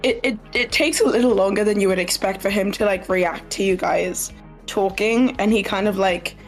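A woman running a tabletop game as game master, describing scenes with halting fillers as she goes. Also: mid-range voice, soft background music.

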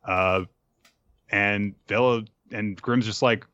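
A man's voice: lowish voice, fairly even intonation, slow pace, sharp tone, no echo, highs cut off. A man animatedly recapping a show in casual chat, laughing often.

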